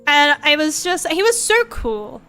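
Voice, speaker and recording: Young woman, high bright voice, rambling sweary chat, faint music behind; casual streamer read. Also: unhurried. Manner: sweary, rambling, animated storytelling. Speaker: vtuber streamer.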